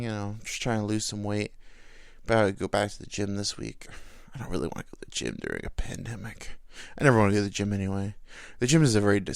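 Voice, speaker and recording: A man's voice: fairly low pitch, vocal fry, smooth, no echo. A man hosting a podcast, telling a rambling, self-deprecating comic story on a close mic. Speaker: podcast host. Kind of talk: casual comedic monologue.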